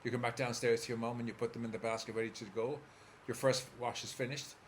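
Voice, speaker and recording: An Irish man, a therapist, calmly guiding the listener step by step through a visualization. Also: mid-range voice, fast, slight background noise. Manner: calm, steady, coaching listener step by step. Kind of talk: guided visualization talk.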